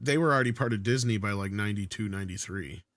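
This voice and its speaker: A man in a casual panel chat, jumping in with quick remarks and chuckles. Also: fairly low pitch, fairly bright tone, dry recording, studio quality. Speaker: podcast panelist.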